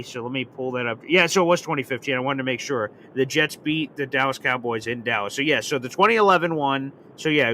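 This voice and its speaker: Bright-voiced excitable male sports host. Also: mid-range voice, slight background noise. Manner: excitable storyteller, acts out shouting and swearing. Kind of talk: live sports reaction show.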